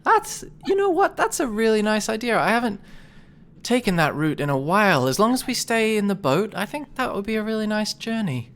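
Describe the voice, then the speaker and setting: A man's voice: high-pitched, big pitch swings, fairly quick, fairly bright tone, pitched above the performer's own voice, full character voice. Brief: an easygoing male fisherman NPC, raised and lifted, as the game master puts him on. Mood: pleased. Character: chatty middle-aged male river fisherman.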